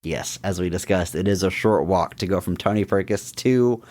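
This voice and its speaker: Low-voiced male movie podcast co-host. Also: normal speed. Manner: animated, acts out quotes from scenes. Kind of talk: casual movie discussion podcast.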